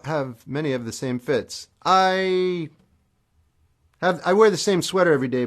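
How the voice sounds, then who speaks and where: Offhand middle-aged man over guitar. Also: on the high side. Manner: offhand, reads viewer questions aloud and answers briefly. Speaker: musician hosting a livestream. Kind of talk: casual livestream chat between songs. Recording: acoustic guitar playing behind the voice.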